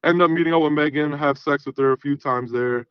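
A man's voice: on the high side, brisk, clean tone, dry recording, muffled recording. Brash man telling a wild story. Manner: animated, profane, acts out quoted dialogue. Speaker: caller. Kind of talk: casual storytelling on a call-in show.

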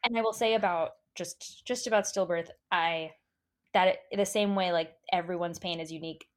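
A woman's voice: fairly low pitch, fairly even intonation, normal speed. A woman, a mother, talking earnestly in casual chat, repeating points for emphasis. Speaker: podcast host, mother.

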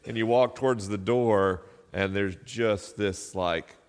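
A man's voice: lowish voice, takes it slowly. Man telling a story live in a hall. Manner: self-deprecating, laughs often while telling. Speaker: podcast host on live tour. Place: live venue. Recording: live hall with long reverb.

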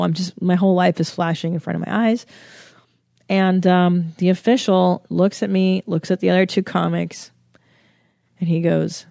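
An expressive young adult woman from the United States, a comedian and podcast host, tells a travel story unhurriedly in a mid-range, creaky, slightly mellow voice, pausing often. Her comic storytelling is packed with swearing and self-mocking humor; the recording is dry and studio quality.

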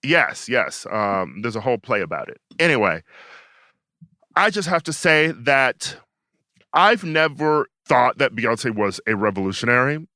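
A man's voice: mid-range voice, big pitch swings, measured pace, bright, forceful tone, dry recording, studio quality. A man co-hosting a podcast in casual chat, opinionated and talking in long runs with many fillers and restarts. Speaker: podcast co-host.

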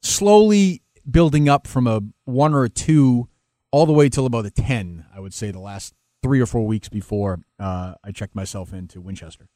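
A man, a talk radio host, speaking candidly and emotionally in an interview, with frequent halting restarts. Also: medium pitch, dark tone, no room sound, studio quality. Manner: halting, many restarts, emotional and self-critical.

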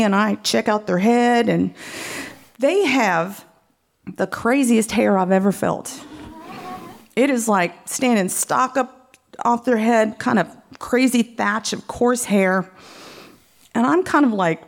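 Woman storyteller, slightly high voice, gravelly fry, frank and candid, laughing as she talks. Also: normal speed. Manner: frank, candid, often laughing while talking. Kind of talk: live personal storytelling.

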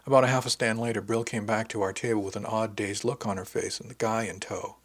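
A man's voice: on the low side, steady tone, fast. A man narrating a novel in the first person with a dry, wry storytelling manner. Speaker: audiobook narrator.

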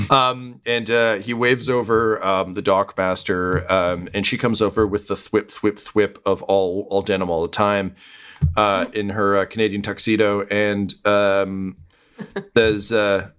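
A man narrating as game master in relaxed, filler-heavy speech. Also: fairly low pitch, slow, smooth.

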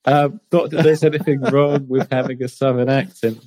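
A man's voice: mid-range voice, steady tone, moderate pace, dark tone, no echo. Dry-humored man co-host. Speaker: podcast co-host. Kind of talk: casual tech chat.

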